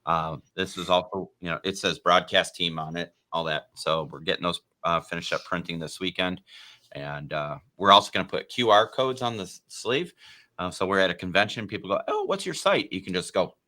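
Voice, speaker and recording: Low, bright-toned male podcast host; rambling, animated casual chat. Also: moderate pace. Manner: rambling, animated, lots of fillers.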